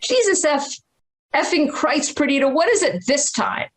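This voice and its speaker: Brief: a tiny, prim old psychic woman, high and fluttery, put on by a woman mid-story. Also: expressive, normal speed. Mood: relaying.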